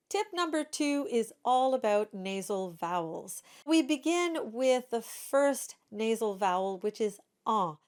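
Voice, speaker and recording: Slow, careful woman teaching pronunciation. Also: on the high side, expressive. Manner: careful, demonstrates each sound slowly. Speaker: singing teacher. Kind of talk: pronunciation lesson.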